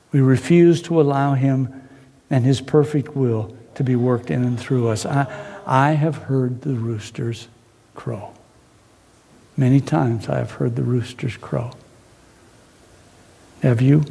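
A man preaching a sermon in a dramatic storytelling way, pausing and repeating phrases. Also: medium pitch, vocal fry, warm tone. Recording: reverberant hall.

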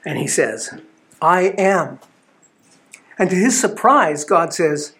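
A man's voice: sits high, animated, slow pace, fairly bright tone. A man giving an earnest, storytelling sermon at a spiritual living center. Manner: earnest storytelling with small restarts.

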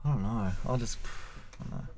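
A man's voice: mid-range voice, fairly quick, crowd noise. A man, co-hosting a casual wine-tasting podcast and spinning silly made-up scenarios. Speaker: podcast co-host.

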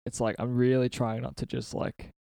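A man chats as a podcast host, swearing freely and laughing between rambling anecdotes. His voice sits at a middling pitch, and the sound is dry with no room echo. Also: level tone, moderate pace, gravelly, dark tone. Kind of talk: casual podcast chat. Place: a friend's house.

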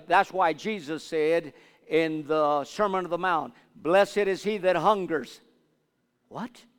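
A man preaching as a pastor, asking the congregation for amens and building to loud fervent declarations. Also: high-pitched, clear, resonant tone. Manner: repetitive call-and-response, asks for amens. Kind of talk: sermon. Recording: long hall reverb.

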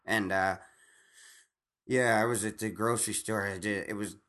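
A man's voice: fairly low pitch, fairly even intonation, normal speed, a bit bright. A man co-hosting a casual chat, rambling and swearing freely, with many restarts. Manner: rambling, profane, frequent restarts and laughs.

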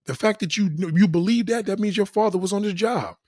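A man's voice: sits high, a little fast, darkish tone, no room sound, clean studio sound. A man hosting a live stream, answering his chat in a blunt, profane and boastful way. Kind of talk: casual live-stream monologue.

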